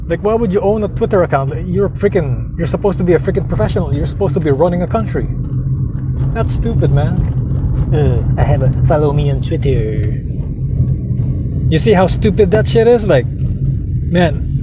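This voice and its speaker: A man's voice: on the high side, noisy background. A man ranting angrily in a vlog monologue, swearing and repeating himself. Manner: angry, profane, repetitive. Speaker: vlogger.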